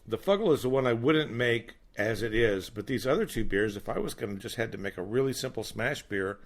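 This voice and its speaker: A man's voice: medium pitch, expressive, brisk. A man co-hosting a casual tasting chat, thoughtful and explaining at length. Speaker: podcast co-host.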